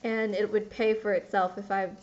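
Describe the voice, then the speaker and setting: A woman's voice: mid-range voice, little pitch movement, normal speed. A young woman, rambling and swearing through a casual confessional vlog while gaming. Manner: rambling, swears often, self-interrupting. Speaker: vlogger. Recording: dull lo-fi audio.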